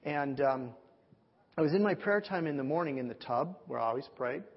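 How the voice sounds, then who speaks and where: Pastor type, man, slightly high and husky voice, spins animated anecdotes from the pulpit. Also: fairly quick. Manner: animated storyteller, acts out dialogue. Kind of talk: sermon storytelling. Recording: muffled sound with long hall reverb.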